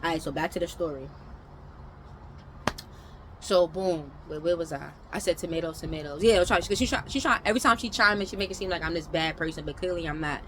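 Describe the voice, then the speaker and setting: A young woman from New York telling a casual storytime, animated, with loud outbursts and mumbled asides. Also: on the low side, a little fast, slight background noise, low-quality recording.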